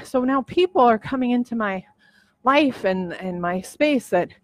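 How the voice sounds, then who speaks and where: She talks a little slowly with a fairly high pitch and lively intonation, recorded with no echo. Hosting her podcast from home while on a treadmill, this woman goes through a list in a rambling, emotional, casual monologue, often restarting her sentences.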